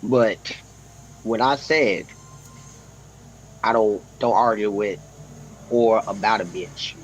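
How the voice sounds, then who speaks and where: A man on a podcast, relaxed and slangy in casual banter. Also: lowish voice, takes it slowly, slight background noise, low-quality recording.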